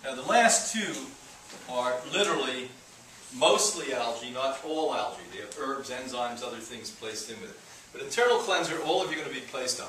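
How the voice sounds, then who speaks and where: Male health lecturer, animated and wry, caught from a distance in a reverberant room. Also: mid-range voice, moderate pace, slight background noise. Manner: animated, joking, mocking asides. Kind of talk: live lecture to an audience. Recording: echoey room, speaker far from mic.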